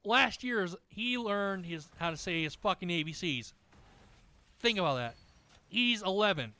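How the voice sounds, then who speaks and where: A man's voice: high voice, lively intonation, measured pace, pushed and bright, no room sound. A man chatting casually while playing a video game, ranting at length with heavy swearing and rambling restarts. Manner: rambling, many restarts and fillers. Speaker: gaming video creator. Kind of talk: casual chat over gameplay.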